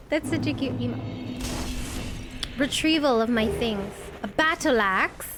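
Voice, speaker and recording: Excitable high-voiced woman game streamer. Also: a little slow, music in the background. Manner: excitable, yelps and swears at the game, chats to viewers. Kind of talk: casual live gameplay commentary.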